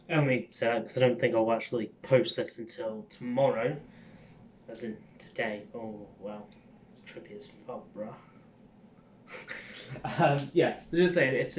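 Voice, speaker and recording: A man's voice: mid-range voice, a little hiss or hum. Rambling young Cockney man vlogging. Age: young adult. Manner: rambling, sweary, lots of ums. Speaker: vlogger and acting student. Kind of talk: casual chat. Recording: dull lo-fi sound.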